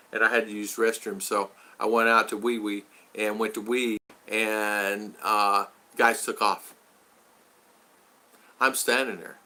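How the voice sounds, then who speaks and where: Bright-voiced man chatting on a livestream. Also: medium pitch. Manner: chatty, greets viewers by name, tells stories. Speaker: vlogger hosting a livestream. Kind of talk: casual livestream chat. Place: home in the Philippines.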